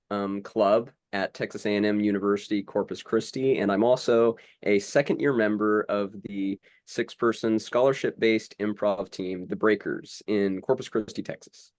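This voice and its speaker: A man's voice: lowish voice, dry recording, clean studio sound. A man who co-runs a college improv club, introducing himself plainly on a video call. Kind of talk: panel talk over video call.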